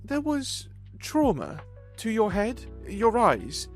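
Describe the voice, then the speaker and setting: A man voicing a gentle, careful young man who speaks softly and calmly in a spoken story. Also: sits high, faint music behind, pitched above the performer's own voice, exaggerated voice. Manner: soft, calm, measured.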